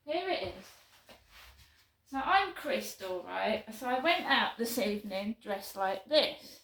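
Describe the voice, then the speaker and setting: A woman's voice: medium pitch, expressive, slow, long pauses, a bit bright, roomy sound, poor audio. A woman telling a flustered, chatty story to her phone camera while out walking at night. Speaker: vlogger. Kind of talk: casual vlog monologue. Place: outdoors at night on a walk.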